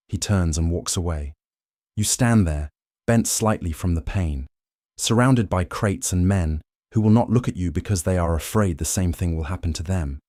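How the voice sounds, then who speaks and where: A man narrating a bedtime history story in second person, calm and even. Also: low-pitched, normal speed, no echo, clean studio sound.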